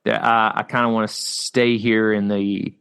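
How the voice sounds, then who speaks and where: A man's voice: fairly low pitch, level tone, normal speed, vocal fry, a bit bright, smooth. A man hosting a podcast, asking long, stumbling questions with many "you know"s and encouraging his guest. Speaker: podcast host. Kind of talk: podcast interview.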